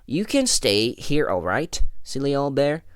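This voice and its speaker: A man's voice: medium pitch, sing-song, measured pace, dry recording, clean studio sound, pitched above the performer's own voice. A man putting on a British accent to voice a kindly, affectionate young boy. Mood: gentle. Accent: put-on British. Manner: gentle, affectionate.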